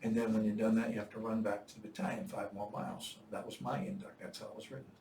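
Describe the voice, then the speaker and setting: An older man telling a war-veteran story in casual, animated style, acting out the voices he quotes. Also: fairly low pitch, fast talker. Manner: animated, acts out quoted voices with bursts of loud shouting. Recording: echoey room, distant mic, faint noise.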